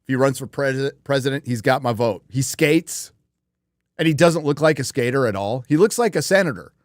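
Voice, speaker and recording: Brief: male livestream host, mid-pitched, loose rambling delivery with frequent swearing, dry close mic. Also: animated, normal speed, no room sound. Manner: rambling and profane, with many fillers and restarts. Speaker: podcast host. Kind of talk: casual live-stream chat.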